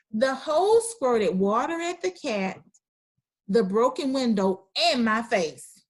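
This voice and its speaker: Slow, lively teacher woman on video call. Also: high-pitched. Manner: encouraging, praises often; reads sentences aloud slowly. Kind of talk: online class teaching.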